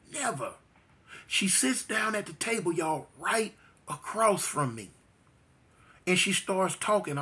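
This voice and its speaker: A man's voice: high-pitched, bright, forceful tone. Emphatic man telling his testimony. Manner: emphatic, repeats phrases for weight. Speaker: guest telling his life story. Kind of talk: personal testimony storytelling.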